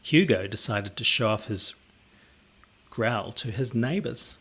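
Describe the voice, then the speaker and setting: A man reading a children's picture book aloud in an expressive, theatrical way. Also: lowish voice, takes it slowly. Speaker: storyteller.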